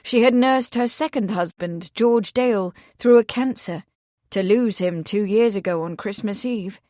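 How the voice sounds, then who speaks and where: A woman with a medium-pitched voice narrates a mystery audiobook in a steady, measured storytelling style. The recording is dry and the studio sound is clean.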